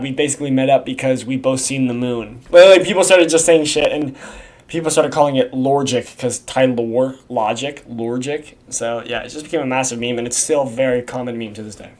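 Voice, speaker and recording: A man's voice: mid-range voice, fairly quick. A young man in casual video commentary, rambling from one point to the next. His talk is slangy and full of swearing, with frequent restarts. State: has the hiccups. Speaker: YouTube creator explaining a community iceberg.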